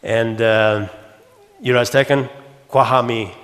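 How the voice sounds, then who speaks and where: A man giving a conference lecture, reading out lists of words and their meanings at a brisk clip, often pausing with uh and restarting words. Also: medium pitch, steady tone, a bit bright. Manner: rapid, fills with uh, restarts words, reads word lists aloud. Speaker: conference speaker. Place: conference hall. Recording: long hall reverb.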